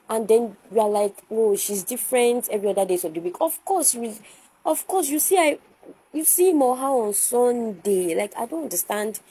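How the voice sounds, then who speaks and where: A woman's voice: medium pitch, mellow, husky, low-quality recording. A young woman hosting a faith-based podcast, talking earnestly and repeating rhetorical questions. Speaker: podcast host.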